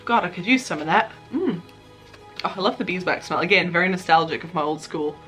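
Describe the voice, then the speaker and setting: Young woman vlogger, casual unboxing chat, excitable and gushing, faint music bed. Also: fairly low pitch, a little fast. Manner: excitable, gushing, chatty with many fillers.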